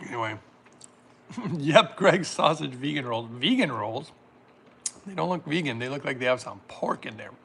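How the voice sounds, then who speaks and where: This livestream host has a mid-range, gravelly voice that's a bit bright with a breathy edge, speaking expressively at a moderate pace and pausing often. He reads viewer comments out loud, riffs with jokes, laughs frequently, and trails off.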